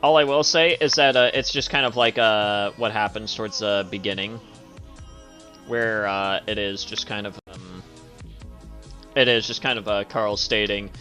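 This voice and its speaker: A man's voice: on the low side, fairly even intonation, normal speed, bright, forceful tone, soft background music. A young man streaming, reacting to a video in loose, profane chat with lots of fillers. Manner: loose and profane, laughs hard, many fillers. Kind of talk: casual live-stream commentary.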